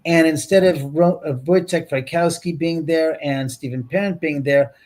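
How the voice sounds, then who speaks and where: A man's voice: on the high side, steady tone, normal speed, darkish tone. A man from Los Angeles, a guest film producer, telling stories on a podcast and acting out quoted dialogue with lots of restarts. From Los Angeles, USA. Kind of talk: animated storytelling on a podcast.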